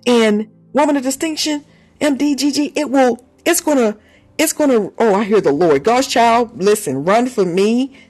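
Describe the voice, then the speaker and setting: A woman apostle preaching a sermon in a lively conversational way, breaking into laughs and shouts of praise. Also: fairly high pitch, normal speed, faint music behind.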